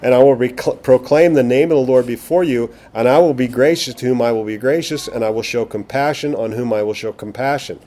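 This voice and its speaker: Mellow-voiced man teaching a sermon. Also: medium pitch, brisk, hardly any pauses. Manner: conversational, frequent "okay?" check-ins, rhetorical questions. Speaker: pastor.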